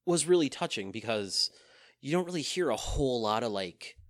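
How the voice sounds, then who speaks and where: A man chatting casually as a podcast co-host, halting, with fillers and self-corrections. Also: medium pitch, animated, dry recording, studio quality. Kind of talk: casual chat.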